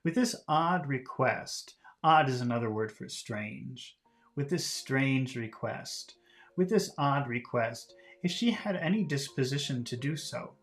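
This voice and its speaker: A man's voice: mid-range voice, lively intonation, measured pace, fairly bright tone, faint music behind. A man teaching English by reading a classic novel aloud and patiently explaining its words in plain terms.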